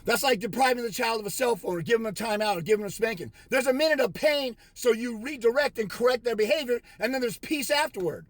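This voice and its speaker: A fathers' rights consultant with a strikingly high voice launches an angry, profane rant to camera, insulting his audience, mocking others with put-on quotes, and erupting into shouts. He talks fast with lively intonation and hardly any pauses, recorded close and dry with no room sound.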